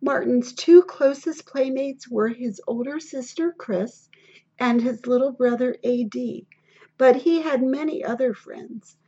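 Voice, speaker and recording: Slow, gravelly woman reading a storybook. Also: high-pitched. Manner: steady, deliberate reading. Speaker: narrator. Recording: dull lo-fi recording.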